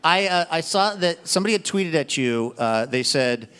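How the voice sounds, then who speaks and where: A man's voice: on the high side, lively intonation, normal speed, fairly bright tone, clean tone. A man hosting a radio show, asking a guest questions in an easygoing way with some "uh" hesitations. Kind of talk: interview questions.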